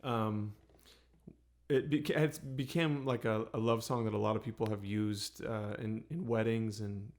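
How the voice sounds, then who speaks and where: A singer-songwriter chatting in a relaxed, unhurried way, with many pauses and fillers. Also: male voice, on the low side. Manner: soft, unhurried, with many ums and restarts. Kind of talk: relaxed storytelling between songs.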